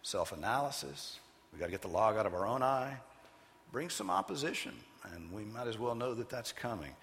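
A man preaching in a church sanctuary, with a slightly low voice that has a bright, forceful edge. He teaches with an emphatic, measured cadence. His words ring on with a long reverb through the large hall. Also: lively intonation, a little hiss or hum. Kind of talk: expository sermon.

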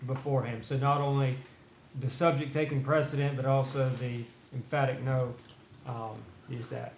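Man, study group member, halting delivery full of fillers, roomy room, faint hiss. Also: medium pitch, little pitch movement. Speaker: Bible study participant. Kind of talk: explaining text in group discussion.

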